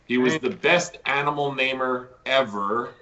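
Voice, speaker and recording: A man's voice: mid-range voice, unhurried, bright, forceful tone, highs cut off. A man in casual podcast chat, making dry, wry jokes and telling anecdotes.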